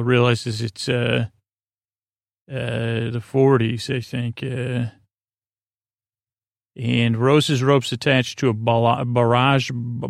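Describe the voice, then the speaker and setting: Man, podcast host, Upstate New York lilt, gravelly and monotone, dry close sound, halting sleepy recap. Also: no room sound. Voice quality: gravelly, flat delivery. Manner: halting, many "uh"s and restarts, low-key.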